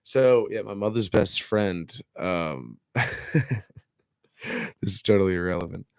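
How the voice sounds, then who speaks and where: A young man with a low, gravelly voice hosts a podcast in easygoing chat. He is laid-back, laughs often and leans on "like" and "dude". The sound is dry and close. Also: slow, a little mellow, dry recording. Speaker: podcast host. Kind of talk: casual chat.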